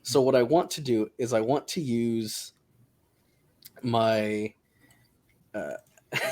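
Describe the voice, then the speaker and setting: A man's voice: mid-range voice, darkish tone. A man playing a tabletop game, thinking aloud and hesitant as he describes his character's plan. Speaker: player.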